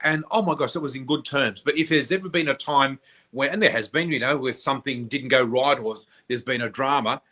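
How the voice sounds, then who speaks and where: A man in his sixties, chatting as a guest and telling stories in an animated way, repeating phrases for emphasis. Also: medium pitch, brisk. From Australia. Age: 60s. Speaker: guest psychic. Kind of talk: casual conversational storytelling.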